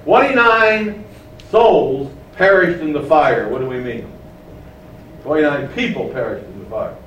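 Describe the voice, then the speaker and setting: A man's voice: fairly high pitch, animated, measured pace, a bit bright, lo-fi sound, slight background noise. A man preaching a sermon, explaining a passage and asking his listeners questions. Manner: explains, asks the room questions. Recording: echoey room, mic at a distance.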